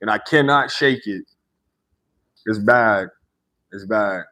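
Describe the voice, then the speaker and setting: A man's voice: fairly low pitch, slow, bright, forceful tone. A man hosting a casual livestream, talking to chat in a laid-back way, laughing often and tagging sentences with "right?". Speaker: livestream host chatting with viewers. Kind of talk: casual live-stream chat.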